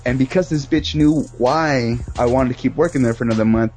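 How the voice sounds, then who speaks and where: A man's voice: medium pitch, a little fast, a little mellow, faint music behind. A man chatting casually, rambling through a profane story and laughing often. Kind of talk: casual chat.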